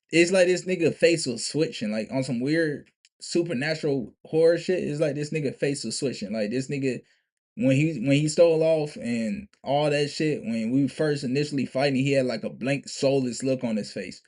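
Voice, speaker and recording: A man's voice: medium pitch, normal speed, darkish tone. A young man telling a story to camera in a casual, profane, emphatic way, restarting and repeating himself often. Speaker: vlogger.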